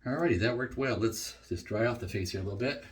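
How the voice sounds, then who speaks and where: A middle-aged man chatting casually through a shave review in his home bathroom, relaxed and full of fillers. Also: medium pitch, fast talker, a little hiss or hum. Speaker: shaving vlogger.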